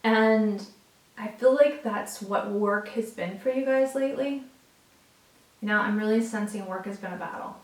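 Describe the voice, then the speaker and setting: A woman's voice: medium pitch, far from the mic. A woman giving a casual, heartfelt tarot reading straight to her viewers, earnest and at times emotional, swearing now and then. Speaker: tarot reader. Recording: roomy and off-mic.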